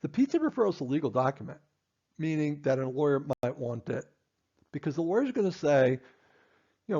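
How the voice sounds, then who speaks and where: A man's voice: a little high, sing-song, a little fast, pauses often, mellow, highs cut off. A man, a dentist, giving a stern training lecture to his assistants, emphatic and repeating his points.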